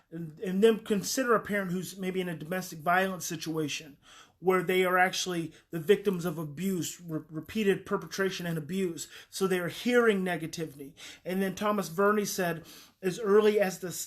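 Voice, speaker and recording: A woman talking earnestly and emphatically as a parenting advice host, repeating key phrases for weight. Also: fairly low pitch.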